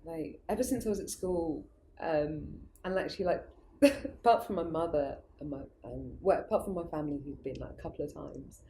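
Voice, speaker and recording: A young adult woman with a low, mellow voice tells stories in a loose, rambling way and laughs often. Her speech is full of fillers and false starts. Her voice sits at the deep end of the range. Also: moderate pace, a little hiss or hum. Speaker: guest, arts project founder. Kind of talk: casual conversational storytelling.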